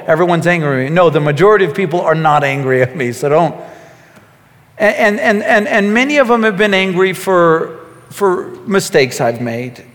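Pastor, male, high voice, earnest and halting, echoing church hall. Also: fairly bright tone. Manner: earnest, stammering restarts, acts out quotes. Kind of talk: sermon. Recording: long hall reverb.

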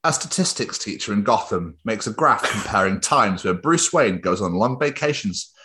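A man's voice: fairly low pitch, animated, moderate pace, sharp tone. A British man hosting a podcast, bantering casually, swearing and joking between laughs. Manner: sweary, jokey, laughs often. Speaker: podcast host.

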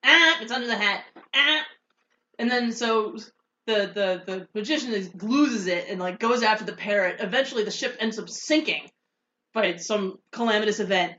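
A woman's voice: medium pitch, moderate pace, echoey room, highs cut off. A woman on a casual comedy podcast, telling a story with giggles.

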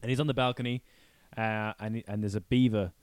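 A man's voice: lowish voice, fairly even intonation, brisk, clean tone, no room sound. Rambling podcast guy, dry close sound. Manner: rambling, recounts scenes with voiced quotes, swears. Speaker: podcast co-host. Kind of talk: casual chat.

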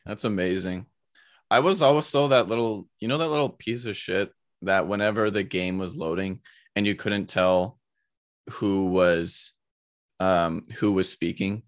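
A young man co-hosting a casual podcast, joking, laughing and mocking squeaky voices in chat. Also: a little slow. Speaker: podcast co-host.

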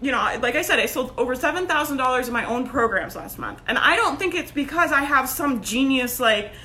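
A woman in her thirties giving a loud, emphatic motivational talk to camera, laughing often and peppering her speech with "like" and "right?". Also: high voice, animated, brisk, slight background noise. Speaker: online business coach. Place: at home. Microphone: phone.

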